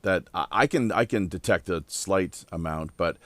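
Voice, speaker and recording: A man's voice: low-pitched, a bit bright, no echo. A man hosting a casual podcast round-table, rambling with lots of fillers. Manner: rambling, filler-heavy, deliberate. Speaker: podcast host.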